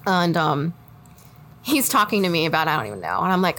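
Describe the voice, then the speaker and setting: A woman in her forties with a Midwestern American accent, speaking in a slightly low voice. She tells her story in a relaxed interview, with lots of laughter and acted-out lines for the people she quotes. A faint hum sits under her voice. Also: a little fast. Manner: animated, laughs often, acts out quoted friends. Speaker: political candidate guest.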